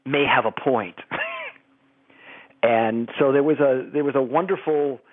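A man's voice: medium pitch, slight background noise. Middle-aged man on a tinny phone line. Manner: halting, with many restarts and laughs. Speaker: guest. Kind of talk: conversational interview.

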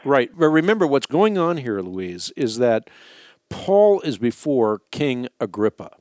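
A man hosting a call-in radio show, explaining Bible questions to callers in a measured, teacherly way. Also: medium pitch, very animated, darkish tone, dry recording, studio quality.

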